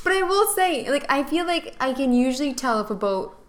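Animated woman chatting about gaming. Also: high-pitched, a little fast. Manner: animated, emphatic storytelling. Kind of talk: casual gaming chat.

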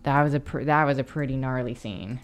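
A woman co-hosting a casual film podcast, talking with eager, halting restarts. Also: very deep voice. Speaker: podcast co-host. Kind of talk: casual chat.

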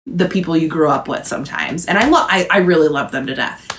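Casual chat, woman, thirties, podcast co-host, filler-heavy, lowish voice. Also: animated, fast, a bit bright, a little hiss or hum. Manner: chatty, laughs often, lots of "like".

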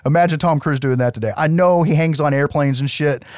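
A man from the United States co-hosting a casual film chat, animated, swearing and laughing often as he recaps the plot. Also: fairly high pitch, brisk, dry recording, studio quality. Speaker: podcast co-host.

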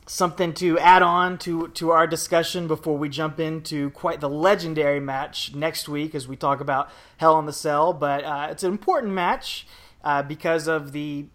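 A man's voice: a little high, fairly even intonation, moderate pace, fairly bright tone. Chatty male podcast co-host. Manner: upbeat, chatty, with fillers. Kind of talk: casual podcast chat.

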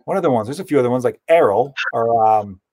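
A man's voice: medium pitch, animated, fast, darkish tone, no echo, studio quality. A man hosting a podcast in casual chat, easygoing and rambling with lots of fillers. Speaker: podcast host.

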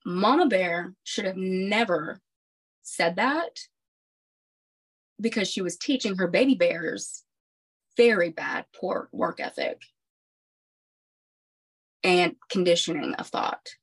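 Animated woman telling a personal story. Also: lowish voice, takes it slowly, long pauses, husky. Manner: animated, emphatic retelling with many restarts. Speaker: podcast guest.

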